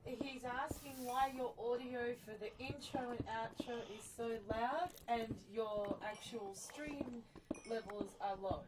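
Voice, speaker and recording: A woman joins the host's live stream from the same room, speaking away from his microphone. Her voice sits fairly high for a woman. She teases him dryly in casual banter. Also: takes it slowly, heavy background noise. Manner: teasing, dry. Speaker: chat moderator and guest.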